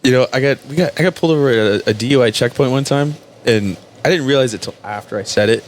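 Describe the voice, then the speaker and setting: A man's voice: medium pitch, quick pace, a little hiss or hum. Male podcast host, casual storyteller, swears a lot and voices every side of his stories. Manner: profane, animated, acts out both sides of his stories.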